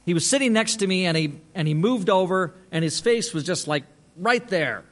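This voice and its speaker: A man's voice: high-pitched, expressive, normal speed. A man who is a pastor, telling a story in a sermon in a conversational way, often restarting his phrases.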